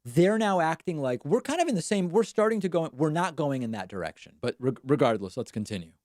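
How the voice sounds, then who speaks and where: A man's voice: on the high side, sing-song, brisk, darkish tone, dry recording, studio quality. A man hosting a live political commentary stream, talking back at clips with sarcasm. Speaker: show host.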